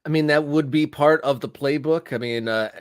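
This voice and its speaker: A man co-hosting a soccer talk show, speaking in an easygoing, halting way with many fillers. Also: on the high side, smooth, dry recording, clean studio sound. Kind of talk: casual sports talk.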